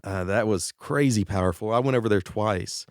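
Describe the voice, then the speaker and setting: A man with a fairly low voice recounts tour stories in an easy, animated way. He laughs often and acts out the people in his stories. The sound is close and dry. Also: moderate pace, no echo. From East Tennessee. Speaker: guest musician. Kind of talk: casual interview storytelling.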